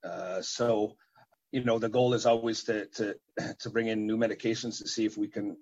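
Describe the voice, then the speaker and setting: A man with a husky, low voice answers interview questions haltingly, full of fillers and restarts. He talks as a parent and event organizer. The recording sounds dull and lo-fi. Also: flat delivery, a little mellow. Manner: halting, many fillers and repeated words.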